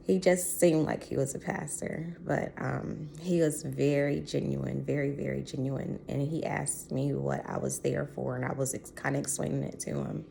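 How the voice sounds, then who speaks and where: Low gravelly woman, heartfelt. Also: level tone, normal speed, hardly any pauses, warm tone, slight background noise. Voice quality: voice going in and out. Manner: heartfelt, chatty storytelling with quoted voices. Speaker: vlogger. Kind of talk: personal health vlog.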